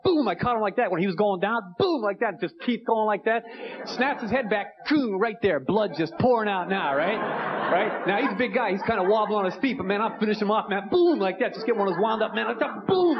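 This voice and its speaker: A young man doing a stand-up comedy set on a club stage, animated, acting out stories. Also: sits high, quick pace. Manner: animated, acts out a fight story with rising shouts. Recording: dull lo-fi VHS tape with loud hiss. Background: audience laughter and crowd noise.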